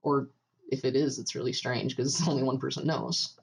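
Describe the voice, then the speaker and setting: Woman podcast co-host, low voice, casual chat, laughs a lot, swears. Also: fairly even intonation, a little fast, vocal fry.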